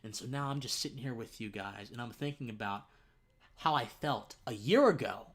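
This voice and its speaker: A man's voice: medium pitch, expressive, moderate pace, slightly rough. A young man hosting his own livestream, telling a personal story in an earnest way. He gets choked up and tearful, and his voice drops to near whispers. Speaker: livestream host.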